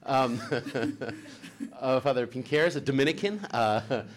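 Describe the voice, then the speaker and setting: A man's voice: medium pitch, normal speed. A man co-hosting a Catholic talk show, teaching in a chatty way and laughing easily as he tells stories. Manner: chatty storyteller, laughs easily, frequent "right?".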